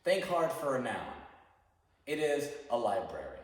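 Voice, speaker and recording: Male teacher, patient and encouraging, lively pitch, long roomy reverb. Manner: slow, patient, encouraging explaining. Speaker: English teacher. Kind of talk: classroom instruction. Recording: echoey room with long reverb.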